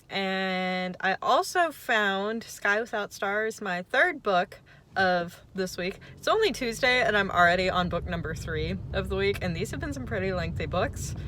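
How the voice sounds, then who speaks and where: A woman's voice: medium pitch, noisy background. A young woman vlogging casually about her reading week, chatty and self-deprecating, swearing now and then. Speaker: book vlogger. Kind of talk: casual vlog chat.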